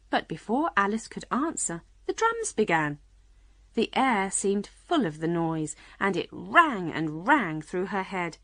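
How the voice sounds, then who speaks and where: A woman narrating a children's storybook audiobook in a clear, measured reading. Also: mid-range voice, sing-song, bright, forceful tone, no room sound.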